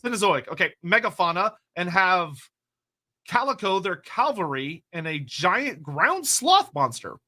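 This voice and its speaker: A man's voice: high-pitched, big pitch swings, unhurried, pushed and bright. A man hosting a casual stream, reading out viewer questions in a loose, rambling way with casual swearing. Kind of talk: casual livestream chat.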